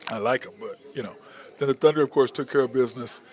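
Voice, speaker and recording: A man's voice: medium pitch, fast talker. A man hosting a sports talk show, ranting bluntly and repeating his points. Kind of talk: opinionated sports talk monologue.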